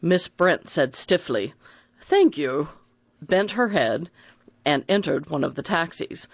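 Lively, expressive audiobook narrator. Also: medium pitch, measured pace, slightly rough, no room sound. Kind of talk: scripted narration. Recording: dull dry audiobook recording.

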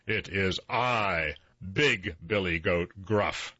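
An older man voicing a huge, bold billy goat with a hoarse voice, boastful and slow, reading a storybook. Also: low-pitched, sharp tone, no echo, full character voice. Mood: proud. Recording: slightly dull dry recording.

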